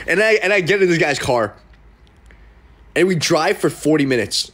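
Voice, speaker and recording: Young man, rambling storyteller, slightly high. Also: expressive, normal speed, long pauses, a bit bright. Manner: rambling storytelling with many fillers and restarts; acts out quoted people in mock voices. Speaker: livestream host. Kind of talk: casual livestream chat.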